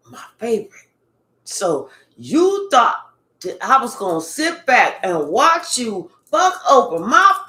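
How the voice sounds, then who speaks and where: A woman giving a casual tarot reading, animated and profane, with emphatic outbursts. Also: fairly high pitch, reverberant. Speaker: tarot reader.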